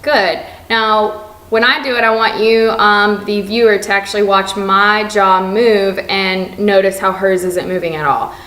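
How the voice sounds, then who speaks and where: A young woman, a speech therapy student clinician, explains and models exercises in a recorded teaching demonstration, often pausing with "um". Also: mid-range voice, fairly even intonation, a bit bright. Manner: explanatory, with frequent um fillers. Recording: roomy echo.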